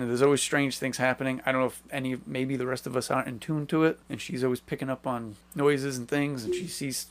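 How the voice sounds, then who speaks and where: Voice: mid-range voice, steady tone, fast, few pauses. Casual interviewer, curious and talkative, laughs easily. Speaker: podcast host.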